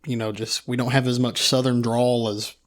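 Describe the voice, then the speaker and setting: A man's voice: medium pitch, level tone, normal speed. A young man with a light Eastern Kentucky accent, co-hosting a podcast with dry, wry remarks. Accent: Eastern Kentucky, light drawl. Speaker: podcast co-host. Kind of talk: casual chat.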